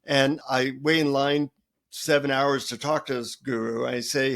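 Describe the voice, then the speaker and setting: A man guest on a podcast telling a funny story in an animated way. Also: medium pitch, unhurried, gravelly. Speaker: guest, author.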